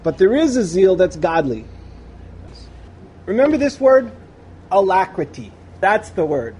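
A man's voice: sits high, very animated, a little slow, long pauses, mellow, a little hiss or hum. A man teaching a conversational scripture lesson, rereading passages aloud and explaining them in an emphatic, chatty way. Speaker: Bible study teacher.

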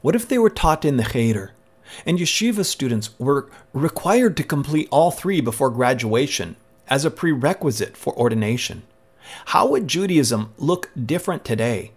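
A man giving a scripted teaching talk in a measured, rhetorical way, posing one question after another. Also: medium pitch, big pitch swings.

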